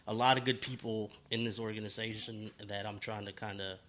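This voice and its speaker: A man's voice: lowish voice, fairly even intonation, fairly quick, fairly bright tone. A man speaking as a podcast guest in a loose, rambling way, full of fillers and casual swearing. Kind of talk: casual conversation.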